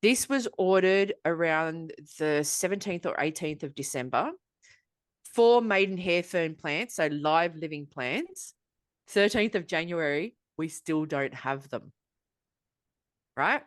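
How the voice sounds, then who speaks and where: A woman's voice: deep voice, animated, slow. A woman with an Australian accent hosting a casual podcast chat, telling a long story in an exasperated, sweary way. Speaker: podcast host.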